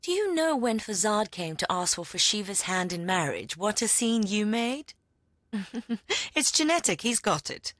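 A woman playing a teasing, caring middle-aged aunt in a dubbed TV drama, with a wry, gently mocking manner. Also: mid-range voice, sing-song, measured pace, dry recording, studio quality.

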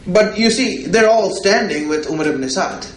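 A man's voice: sits high, animated, normal speed, slight background noise. A man preaching a religious sermon, repeating himself and asking "right?" as he goes. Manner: repetitive, rhetorical, often asks "right?". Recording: echoey room.

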